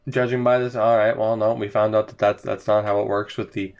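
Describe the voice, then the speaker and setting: A man's voice: lowish voice, level tone, a little fast, a little mellow, dull audio. A young man giving sarcastic, exasperated commentary over a hockey video game as he plays. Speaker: gaming video creator. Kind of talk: let's-play commentary.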